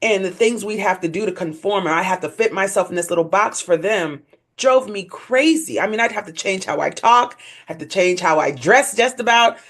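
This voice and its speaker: A young woman, a podcast guest, telling her story in candid conversation, voice leaping up when she acts out others. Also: moderate pace. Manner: animated, leaps high in pitch when acting out others.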